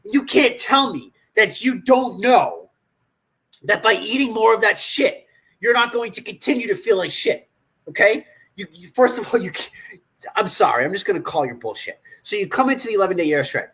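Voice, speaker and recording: A man's voice: high voice, expressive, normal speed, a bit bright, husky. A man hosting a livestream, coaching in a blunt, profane, scolding manner. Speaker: nutrition coach.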